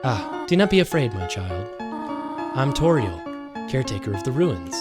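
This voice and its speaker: A man voicing a gentle, formal goat mother caretaker, over game music. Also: mid-range voice, sing-song, measured pace, voice pushed down. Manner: soft, formal, nurturing delivery. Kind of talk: let's play character voice.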